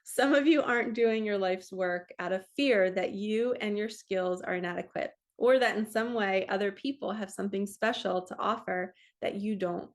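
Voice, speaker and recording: A woman's voice: mid-range voice, normal speed, few pauses. A woman spiritual coach talking casually into her computer camera, reading passages aloud and commenting on them. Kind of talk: casual spiritual teaching vlog. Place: home, in front of a computer.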